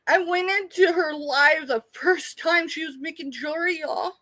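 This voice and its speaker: A woman's voice: very high-pitched, moderate pace, few pauses, fairly bright tone, no room sound. A middle-aged woman, ranting angrily and tearfully on a late-night live stream. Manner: angry, tearful, confrontational.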